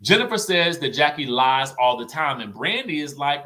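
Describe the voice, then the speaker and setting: Man, reality TV recap host, casual commentary, chatty, animated, bright, lively voice. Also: fairly high pitch, normal speed. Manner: chatty and animated, tags lines with "okay?" and "you know what I'm saying?".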